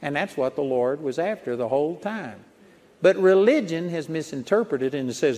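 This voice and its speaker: Folksy preacher in an auditorium. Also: male voice, a little high, expressive, normal speed, warm tone. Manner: folksy storytelling, chuckling at his own anecdotes. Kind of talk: sermon. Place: large auditorium. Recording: long auditorium reverb.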